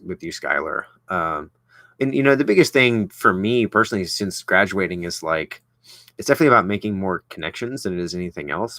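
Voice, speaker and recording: A young man vlogger reviewing whisky speaks in a low, sharp-toned voice over a dry recording. He chats casually while unboxing and tasting the whisky, rambling with plenty of fillers and restarts.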